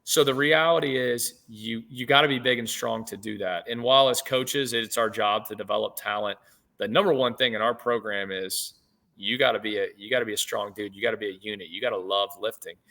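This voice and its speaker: A head baseball coach in his late thirties tells stories during a relaxed video-call interview. His voice is lowish and a little fast, full of fillers and restarts in the manner of a casual chat.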